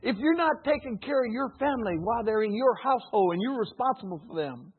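A man preaching a folksy, animated sermon to a congregation, calling out for responses. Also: extremely high pitch, fast, husky. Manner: folksy, animated, calls for audience responses, laughs often. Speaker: pastor. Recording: phone-like narrow band.

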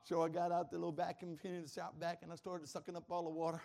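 A man preaching a sermon as pastor, animated, firing questions at the congregation and laughing often. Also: fairly high pitch, fast, gravelly.

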